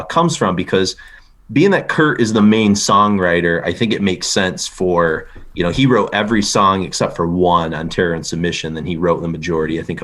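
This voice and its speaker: A man with a very low, deep voice hosts a relaxed music podcast. He rambles along casually, circling back on himself and trailing off into fillers as he talks. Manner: rambling, lots of fillers and restarts. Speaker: podcast host.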